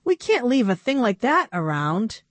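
A woman voicing a cheerful mother doll in a storybook reading, speaking brightly and briskly. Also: fairly high pitch, very animated, no echo, pitched above the performer's own voice.

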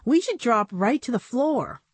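A woman's voice: on the high side, sing-song, measured pace, slightly rough, no echo, pitched above the performer's own voice, full character voice. A woman voicing a practical, brave girl doll in a storybook reading, speaking decisively.

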